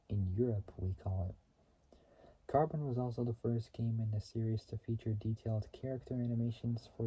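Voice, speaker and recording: A man's voice: mid-range voice, mellow, slight background noise, poor audio. A man casually talking through a racing game's trivia, rambling and often restarting or correcting himself mid-sentence. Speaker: gaming video host. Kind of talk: casual game commentary.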